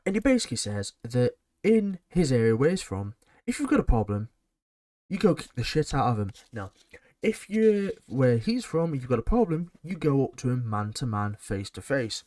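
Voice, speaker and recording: A man's voice: mid-range voice, very animated, normal speed, a little mellow, no room sound. A man giving a blunt, sarcastic and rambling casual recap of a wrestling show.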